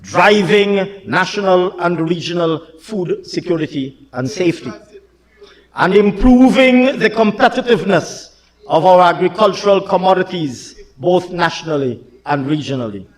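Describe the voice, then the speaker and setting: A Guyanese man, a government minister, delivering a parliamentary budget speech in an emphatic way, repeating lines and building to shouts at the opposition. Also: high-pitched, lively intonation, moderate pace. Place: large parliament chamber. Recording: long reverb of a parliament chamber.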